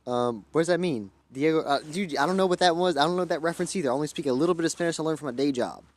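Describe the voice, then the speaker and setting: A man's voice: on the high side, very fast. A young man from Louisiana hosting a livestream, talking in a rambling, profane, erratic way that jumps between topics. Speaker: livestream host. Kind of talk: rambling casual livestream chat.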